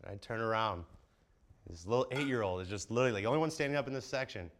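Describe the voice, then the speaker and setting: A man in casual chat as a podcast guest, telling animated, profane stories and jumping into high-pitched quotes. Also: rapid-fire, a little hiss or hum. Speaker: podcast guest, baseball player.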